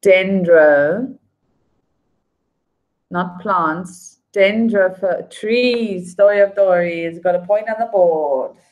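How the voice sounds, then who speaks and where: A woman hosting a trivia night takes her time, drawing out each question and reading it again. Her voice sits at an ordinary pitch. The recording sounds dull and lo-fi. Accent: non-local accent. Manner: slow, drawn-out question reading, laughing apologies, humming between questions. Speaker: trivia quiz host. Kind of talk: casual live trivia hosting.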